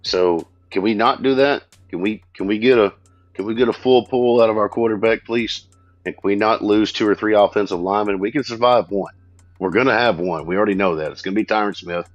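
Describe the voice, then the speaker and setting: Deep-voiced blunt sports podcast guest. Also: male voice, no echo, dull audio, faint music behind. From Texas. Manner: blunt, joking, drawn-out complaints. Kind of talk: casual sports chat.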